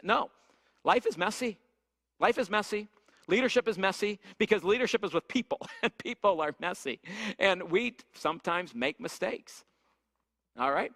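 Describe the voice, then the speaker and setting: This high-pitched, sharp-toned man is leading a church leadership workshop, full of energy as he tells stories and quizzes his listeners. The church hall he's in is echoey, with a long reverb tail.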